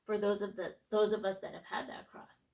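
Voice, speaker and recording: With a medium-pitched, level, creaky voice that runs brisk and darkish, a woman in her twenties shares an earnest faith testimony on her vlog. She reflects sincerely, often restarts, and sinks almost to a whisper when voicing inner thoughts.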